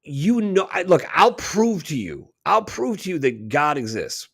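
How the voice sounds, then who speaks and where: A man's voice: fairly high pitch, big pitch swings, unhurried, vocal fry, fairly bright tone, slightly rough. A man co-hosting a radio talk show, talking in an emphatic, preachy way and often tossing in "right?". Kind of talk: casual spiritual talk.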